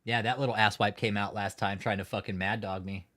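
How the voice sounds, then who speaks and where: A man's voice: fairly low pitch, steady tone, a little fast, sharp tone. A man hosting a livestream, chatting casually and reading out viewer comments in a profane, mocking way, laughing often. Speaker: livestream host.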